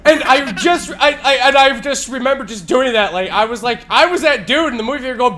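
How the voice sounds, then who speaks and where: A man in his forties, a live streamer, telling a story in a casual, animated and profane way with frequent laughs. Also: extremely high pitch, a little fast, few pauses.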